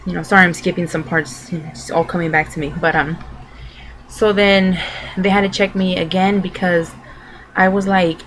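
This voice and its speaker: Young woman, lowish voice, casual rambling vlog story, lots of fillers, faint background hiss. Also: steady tone, normal speed, a bit bright, rough recording. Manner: rambling, loose, full of "like" and "you know" fillers. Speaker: vlogger. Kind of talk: casual personal storytelling to camera.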